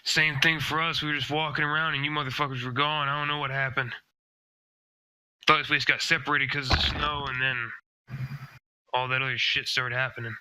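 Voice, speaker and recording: A man's voice: medium pitch, level tone, fairly quick, long pauses, pushed and bright, clean tone, pitched above the performer's own voice, rough recording. A man voicing a shaky, foul-mouthed army veteran who speaks bluntly. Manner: blunt, profane.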